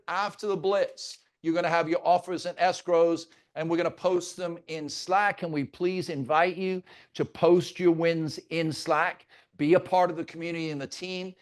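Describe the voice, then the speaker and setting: A man's voice: sits high, fairly even intonation, moderate pace. An older man leading a real estate team training, talking with energy and joking asides, sometimes mimicking his agents' grumbles.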